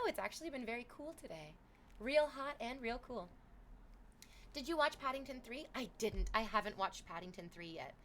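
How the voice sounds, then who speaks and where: A young adult woman with a mid-range voice chats casually on a livestream, thanking subscribers and animatedly reading chat messages aloud. There's a little hiss or hum in the audio.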